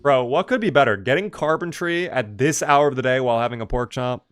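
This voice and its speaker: A young man with a smooth, resonant voice talks loosely through a live gameplay stream. He chats with his viewers and reacts to what happens on screen in an easygoing way, at a middling pitch. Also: fairly quick. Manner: chatty, talks to chat and reacts to the game. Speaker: game streamer.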